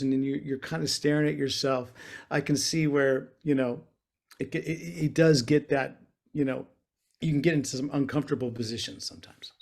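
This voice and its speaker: A man's voice: a little high, darkish tone. Easygoing rambling man on a video call. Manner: rambling, easygoing, many fillers and restarts. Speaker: guest guitarist. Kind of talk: casual chat over a video call. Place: small bedroom.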